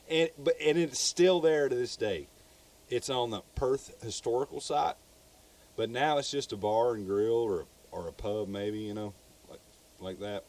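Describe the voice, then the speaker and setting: A man's voice: medium pitch, measured pace, a little mellow. A Southern man co-hosting a podcast, telling a true crime story in a loose, rambling way. He stumbles over repeated words and swears freely.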